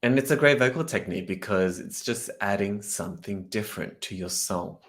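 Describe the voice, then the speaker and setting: A man's voice: lowish voice, animated, brisk. A man working as a vocal coach, giving commentary on a song he is reacting to and explaining the singer's vocal technique. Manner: explains vocal technique, breaks into sung snippets.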